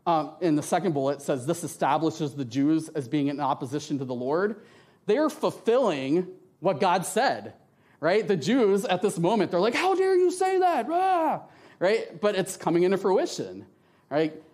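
A man's voice: a little high, normal speed. A man preaching a sermon with slides in a church, talking in a conversational way, often tagging his sentences with "right?" and acting out the voices in his quotes. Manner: lively, animated, acts out voices in quotes. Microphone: handheld mic.

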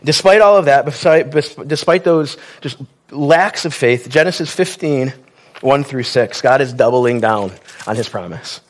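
A man's voice: medium pitch, expressive, a little slow. A man preaching a sermon in a conversational style, with wry asides and questions to the congregation.

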